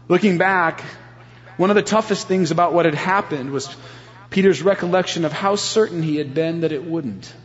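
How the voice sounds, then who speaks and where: A man retelling a Bible story as a devotional sermon, earnest and speaking straight to his listeners. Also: on the high side. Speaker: preacher. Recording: long reverb, dull sound.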